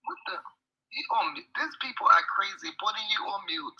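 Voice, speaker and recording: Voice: medium pitch, big pitch swings, fairly quick, pushed and bright. A caller joining a live stream, talking casually in slang, swearing often and restarting words. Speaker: call-in guest. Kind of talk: casual chat. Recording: lo-fi phone audio.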